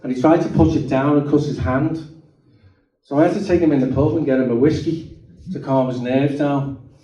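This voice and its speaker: A middle-aged man tells his testimony in a very dark, mellow voice. He talks to the room in a chatty way and keeps checking that his listeners are with him. His voice comes from a distance across an echoing hall, and the sound is dull. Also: medium pitch, fairly even intonation, moderate pace. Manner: chatty, checks in with the audience, frequent restarts. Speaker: guest speaker giving a testimony. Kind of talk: personal testimony storytelling. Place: meeting hall.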